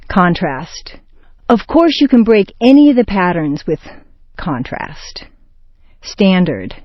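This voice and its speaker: American lady doing a slow pronunciation lesson, pitch jumps all over, dry kinda dull sound. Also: big pitch swings, dry recording. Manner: slow, exaggerated, modeling words for repetition. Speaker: pronunciation teacher.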